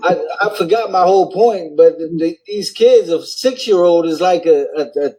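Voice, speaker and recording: A man's voice: sits high, moderate pace, low-quality recording. A man co-hosting a sports podcast, chatting casually, often repeating words and tagging "man" onto his sentences. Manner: relaxed, says "man" often, repeats himself. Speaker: podcast co-host. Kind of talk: casual chat.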